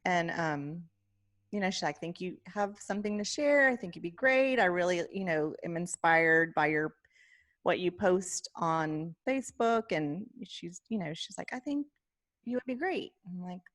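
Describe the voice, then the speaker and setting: A woman podcast co-host in casual chat, telling a story in an animated way and often quoting herself and others. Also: fairly low pitch, moderate pace.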